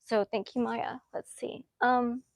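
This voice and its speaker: A woman hosting a live-stream question and answer session, speaking earnestly and often pausing with fillers as she reads comments. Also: fairly high pitch, flat delivery, vocal fry, no room sound. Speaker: host answering viewer questions.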